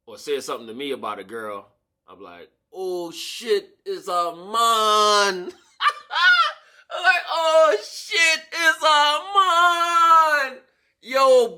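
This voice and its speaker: A man telling a story in a casual storytime vlog, slangy and animated, acting out the people in the story, recorded on a camera-mounted shotgun mic. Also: on the low side. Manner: animated, slangy, acts out the voices of people in his stories.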